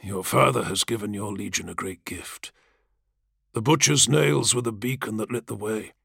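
A man reading the part of a grave, earnest male warrior-priest, speaking low, soothing and solemn, in an audiobook. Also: normal speed, vocal fry, fairly bright tone, breathy edge, no room sound, clean studio sound, exaggerated voice.

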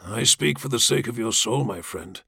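A man reading the part of a grave, earnest male warrior-priest, speaking low, soothing and solemn, in an audiobook. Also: animated, normal speed, gravelly, bright, forceful tone, breathy edge, no room sound, clean studio sound, heavily acted.

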